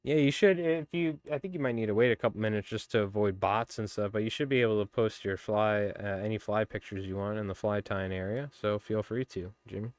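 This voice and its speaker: A man's voice: fairly low pitch, fairly quick, few pauses, no echo. A man hosting a fly tying live stream, chatting casually and rambling with viewers as he works. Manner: rambling, chatty, many fillers.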